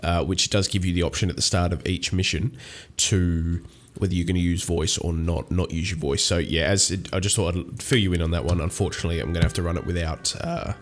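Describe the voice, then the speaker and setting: Low-voiced Australian man chatting casually. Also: brisk, few pauses. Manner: rambling, many ums and restarts. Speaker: gaming YouTuber. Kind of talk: casual gameplay commentary.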